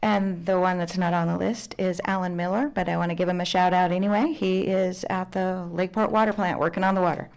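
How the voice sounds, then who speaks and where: A woman's voice: on the low side, steady tone, a little fast, few pauses, a crowd in the background, background noise. A woman special district administrator giving informal remarks at a county board meeting, often correcting herself. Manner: chatty, informal, self-correcting.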